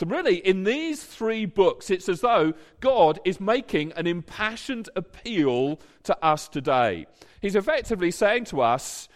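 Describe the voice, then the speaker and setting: Man, sermon, lively pitch, fairly high voice, earnest and conversational. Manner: earnest, conversational, building to emphatic points. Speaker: preacher.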